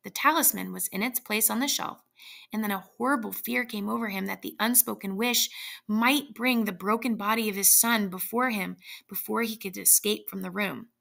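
A woman reading a classic short story aloud in a measured storytelling manner. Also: medium pitch, vocal fry, bright, forceful tone. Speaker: reader.

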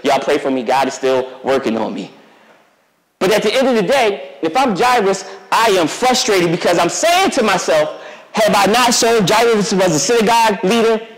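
A man's voice: high-pitched, animated, moderate pace, fairly bright tone. A man, a youth pastor, preaching a conversational sermon to the congregation and speaking directly to them, now and then acting out the voices of Bible figures. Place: church sanctuary. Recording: long reverb of a church sanctuary.

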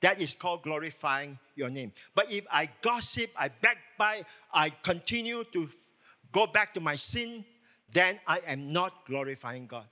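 Guy pastor preaching, high voice, keeps asking all right? to the crowd. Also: lively intonation, a little slow, bright, forceful tone. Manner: emphatic preaching with rhetorical questions. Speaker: lead pastor. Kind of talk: sermon.

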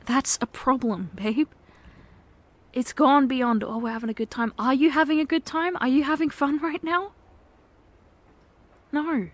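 A woman doing a whispered role-play as a girlfriend, speaking in a tender, pleading, soft-spoken way. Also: high-pitched, measured pace, long pauses. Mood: worried. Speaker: ASMR performer.

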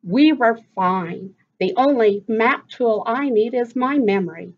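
A practical, no-nonsense mother who speaks firmly and slowly, voiced by a woman reading a storybook. The recording is dull and lo-fi. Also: fairly high pitch, expressive.

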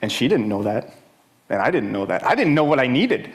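Young man, mid-pitched voice, church testimony, halting, many fillers, rises with emphasis. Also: big pitch swings. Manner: rises higher and more emphatic when stirred. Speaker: church speaker. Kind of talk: personal testimony sermon.

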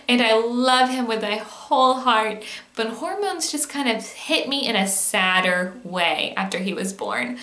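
A woman's voice: fairly high pitch, pushed and bright, roomy sound. A woman, chatting candidly to camera as a mom vlogger, with lots of fillers and easy laughter. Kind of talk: casual chat to camera.

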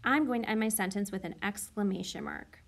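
A woman teacher giving a recorded writing lesson to young children, speaking slowly and clearly and sounding out words letter by letter. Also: medium pitch. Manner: encouraging, clearly enunciated teacher voice. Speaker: elementary school teacher.

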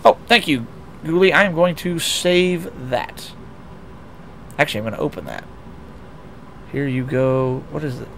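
Unhurried and expressive, a young American VTuber's voice sits a little high with a fairly bright tone, vocal fry, and long pauses. He's streaming a racing game, reading chat aloud and rambling casually with lots of restarts and self-deprecating comments. Slight background noise is present.

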